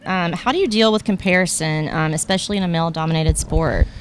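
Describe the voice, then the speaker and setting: A woman's voice: on the low side, fast, slight background noise. A woman hosting a casual interview outdoors at a golf range, agreeing often and asking questions. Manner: affirming, frequent agreeing interjections. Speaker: podcast host.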